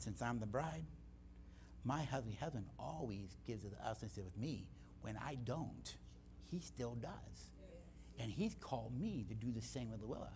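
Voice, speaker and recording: An older man preaching a sermon in a church, telling stories with lively energy. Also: medium pitch, a little hiss or hum. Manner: storytelling, animated. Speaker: guest speaker.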